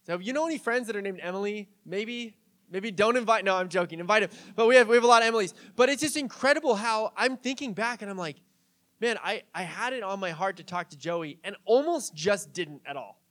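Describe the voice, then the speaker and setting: Fairly quick and conversational, a young male pastor with a high, light voice preaches informally, chatting with his congregation. Stories, light jokes and casual fillers keep his delivery relaxed.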